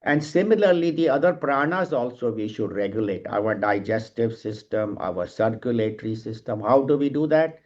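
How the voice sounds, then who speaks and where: A middle-aged man giving a calm, explanatory scripture class and now and then telling a light joke. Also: medium pitch, normal speed, few pauses. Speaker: spiritual teacher. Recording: dull lo-fi sound.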